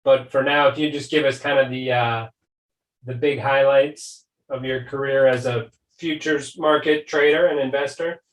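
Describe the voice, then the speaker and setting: A male podcast host chats in a friendly way and fires off quick follow-up questions. His voice carries a roomy echo, and he sits some way back from the mic. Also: mid-range voice, steady tone. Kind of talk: casual interview talk. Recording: echoey room, distant mic.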